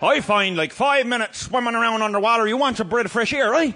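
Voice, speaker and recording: A man with a Newfoundland accent telling a comic tall tale to a live audience, shouting and laughing as he goes. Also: extremely high pitch, quick pace, a little hiss or hum. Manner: rollicking, shouting and laughing through a yarn. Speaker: storyteller.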